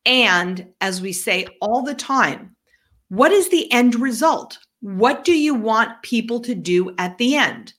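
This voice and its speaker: Slow-paced New York woman cohost. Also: on the high side, expressive, fairly bright tone. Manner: direct, instructive, coaching tone. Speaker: podcast co-host. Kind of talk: podcast chat giving business advice.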